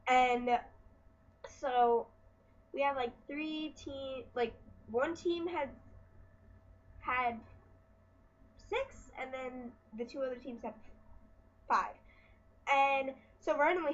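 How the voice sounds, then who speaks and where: A woman's voice: on the high side, muffled recording. A teenage girl vlogging at home, chatty and exasperated as she retells her school day. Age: teens. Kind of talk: casual storytelling vlog.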